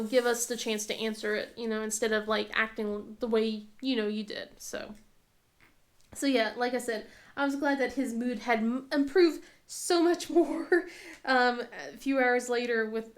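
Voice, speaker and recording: A woman in her thirties chatting casually while crafting, telling stories with many fillers and laughs. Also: a little high. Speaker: craft vlogger.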